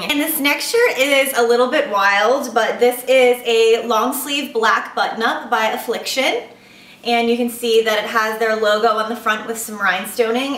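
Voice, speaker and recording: A woman's voice: fairly high pitch, fairly bright tone, reverberant, far from the mic. A woman vlogger chatting casually to camera about her shopping haul, upbeat and gushing. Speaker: beauty vlogger.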